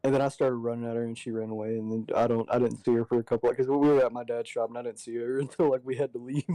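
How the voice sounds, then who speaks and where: A young man chatting casually and telling stories about his school days, swearing freely. His voice is mellow and dark. The sound is dry, with no room echo. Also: mid-range voice, little pitch movement, very fast. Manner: laid-back storyteller, swears a lot. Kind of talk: casual chat.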